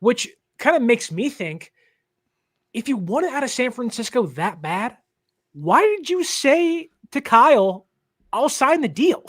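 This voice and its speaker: High-voiced man in casual sports chat. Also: sing-song, a little slow. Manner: chatty, acts out quotes in voices, laughs often. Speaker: co-host of a sports podcast.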